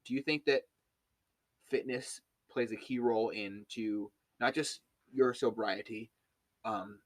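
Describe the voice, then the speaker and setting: A man in casual podcast conversation, spinning stories with lots of energy and plenty of cursing. His voice sits at an ordinary middle pitch, picked up dry and close with no room sound. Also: measured pace, no echo. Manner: animated storyteller, swears freely.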